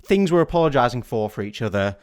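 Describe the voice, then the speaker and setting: A man with a very animated voice plays at being a game-show announcer on a casual podcast. The sound is close and dry, with no room around it. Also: medium pitch, quick pace, no room sound. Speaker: podcast co-host. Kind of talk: casual chat.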